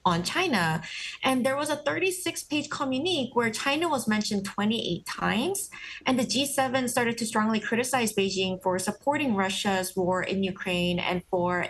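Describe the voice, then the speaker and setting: A woman's voice: medium pitch, low-quality recording. A woman speaking as a guest professor in a studio discussion, giving fluent, lecture-like analysis with occasional fillers.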